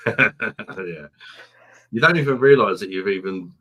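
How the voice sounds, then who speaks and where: Low, bright-voiced joking stream host. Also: male voice, lively intonation, takes it slowly. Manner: laughing often, crude swearing banter. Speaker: host of an online pub live stream. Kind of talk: casual live-stream chat, reading out viewer comments.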